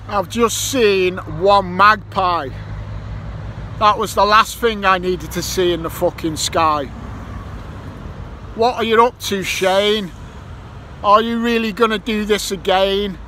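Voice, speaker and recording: A man with a bright, fairly high voice grumbles and swears at an unhurried pace as he waits outdoors. He makes up rhymes as he goes, and traffic hums faintly behind him. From Ireland. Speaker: metal detecting vlogger. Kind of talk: casual vlog monologue. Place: outdoors by a roundabout near a petrol station. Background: passing traffic.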